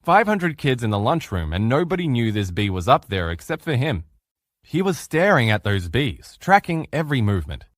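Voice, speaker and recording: Male relationship coach, emphatic motivational lecturer, lively expressive pitch, dry close recording. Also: normal speed, dry recording. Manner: emphatic animated storyteller.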